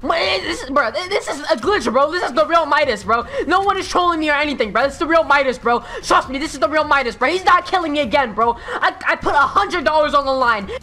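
A male streamer chatting while gaming, excitable, shouting often and calling everyone "bro". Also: very high voice, fast, hardly any pauses, soft background music. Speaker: streamer being pranked. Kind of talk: live-stream gaming chat.

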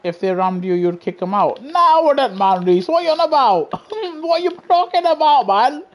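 A man's voice: very high voice, animated, normal speed. Slangy, laughing gaming streamer man. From England. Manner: playful teasing, laughs often, slangy. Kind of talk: live gameplay commentary chatting to a lobby.

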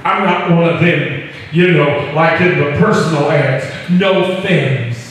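A male pastor with a fairly high-pitched voice speaks slowly, delivering a folksy, conversational sermon full of asides to the congregation. The recording was made in an echoey church hall with a distant mic.

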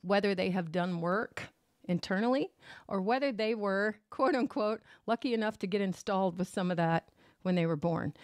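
A woman hosting a casual tarot podcast, expressive and animated, laughing often as she talks. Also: medium pitch, dry recording, studio quality. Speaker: podcast host and tarot reader. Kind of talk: casual solo podcast chat with a tarot reading.

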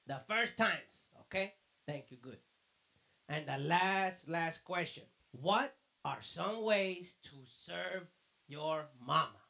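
Fatherly man teaching and quizzing kids, high bright voice with gravel. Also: animated, slow. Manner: fatherly, calls the listener mijo. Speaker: children's church teacher. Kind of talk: children's lesson and quiz. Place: church.

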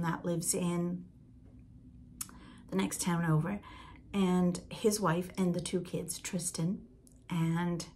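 A woman's voice: on the low side, darkish tone, slight background noise. An older woman from Britain hosting a podcast in a casual, rambling chat with asides to the listener. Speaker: podcast host.

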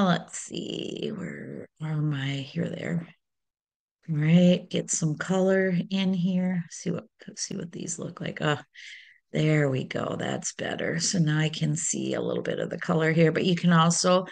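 A woman hosting a craft tutorial, talking through each step on screen in a relaxed way and correcting her small slips as she goes. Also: on the low side, clear, resonant tone. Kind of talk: screen-recorded software tutorial.

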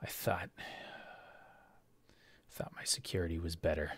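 A man voicing a wounded, arrogant male governor in a hushed, contemptuous whisper. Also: low-pitched, flat delivery, unhurried, slightly rough, dry recording, pitched below the performer's own voice, full character voice. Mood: scornful.

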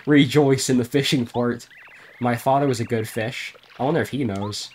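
A man's voice: medium pitch, normal speed, a little hiss or hum. Man reading garbled game dialogue aloud. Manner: reads deadpan, breaks into laughter.

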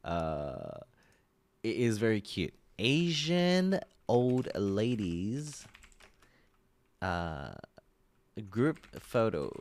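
An Australian man hosting a live reaction stream, chatting excitedly with chat and lots of fillers. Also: on the low side, drawn-out words, long pauses.

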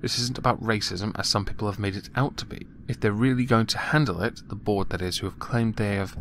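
A man's voice: on the low side, fairly quick, fairly bright tone, a little hiss or hum. A man giving casual, mocking commentary on news stories, sarcastic and chuckling at his own jokes. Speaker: commentary vlogger.

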